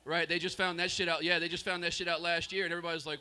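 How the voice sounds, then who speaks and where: A young Southern man works a small club stage with a raised, bright voice and a sharp edge. He jabs at the crowd in a profane, deadpan way. His drawl is clear from the first word. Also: on the high side, very fast. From Mississippi, US South. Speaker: stand-up comic. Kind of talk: open-mic stand-up set.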